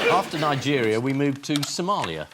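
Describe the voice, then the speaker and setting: A British man on a comedy panel, telling self-mocking stories in a deadpan way. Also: fairly high pitch, very noisy. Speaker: panel show regular. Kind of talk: casual comic banter.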